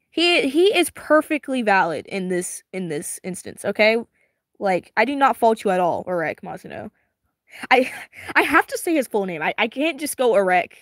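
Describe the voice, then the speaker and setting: A woman reacting to a webtoon as she reads it, excitable and giggly, chatting to her viewers in slang, her voice a little strained and tired. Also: mid-range voice, a little fast, no echo, clean studio sound. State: strained, tiring voice. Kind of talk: casual reaction reading.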